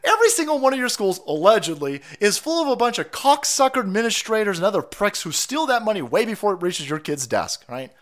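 A man's voice: high-pitched, very animated. A man hosting a livestream, delivering an angry, profane political rant with crude mockery. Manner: angry, crude, mocking, rapid-fire. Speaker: livestream host.

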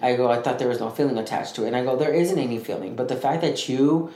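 A man co-hosting a podcast, telling a story in a rambling, animated way and acting out what others said. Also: medium pitch, quick pace. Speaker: podcast co-host. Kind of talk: casual storytelling chat. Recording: echoey room with faint noise.

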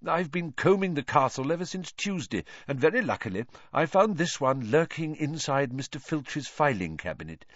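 A man voicing a calm, thoughtful adult male teacher explaining carefully in an audiobook. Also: a little high, moderate pace, hardly any pauses, dry recording, pitched above the performer's own voice. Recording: dull lo-fi.

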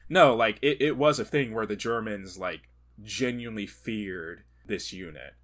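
A man co-hosting a podcast, chatting casually about a film, animated and quick to laugh. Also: fairly low pitch. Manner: animated, laughs often, acts out quotes. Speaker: podcast co-host. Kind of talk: casual movie review chat.

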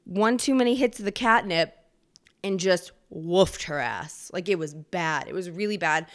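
A woman's voice: fairly low pitch, unhurried. A woman hosting her own podcast, ranting casually and comically with lots of swearing and laughter. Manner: profane, animated, laughs often. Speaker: podcast host. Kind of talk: casual comedic rant.

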